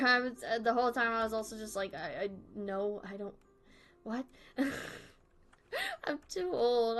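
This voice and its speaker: A woman's voice: a little high, a bit bright. A young woman in her twenties chatting casually on a drawing stream, rambling and self-deprecating, often laughing.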